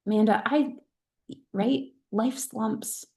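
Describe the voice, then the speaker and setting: A woman's voice: a little high, slow pace, gravelly, a little mellow. A middle-aged woman leading her sales team on a video call, speaking in an earnest, emphatic and heartfelt way. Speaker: direct-sales team leader.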